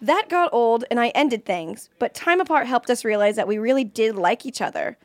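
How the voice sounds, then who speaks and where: A woman's voice: a little high, expressive, moderate pace, dry recording. A young adult woman co-hosting a casual podcast chat, talking freely with lots of "like" and reading out a listener's question. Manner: chatty, frequent "like", laughs easily. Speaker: co-host.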